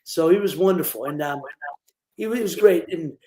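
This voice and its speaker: A man's voice: fairly high pitch, fairly quick, a little mellow, reverberant, rough recording. A man in his sixties from Ohio, telling stories as a guest in a live interview, rambling with many fillers and restarts. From Ohio, USA. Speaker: interview guest, former boxer.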